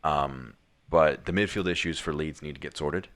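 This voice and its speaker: Young male co-host, very low voice, loose rambling football chat. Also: moderate pace, fairly bright tone. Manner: rambling, many restarts and fillers. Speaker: podcast co-host.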